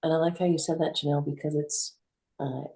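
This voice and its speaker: A woman co-hosting a reflective conversation, telling stories with animated acted-out quotes. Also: deep voice, fast talker. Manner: animated storytelling, acts out quotes. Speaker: co-host. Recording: roomy echo.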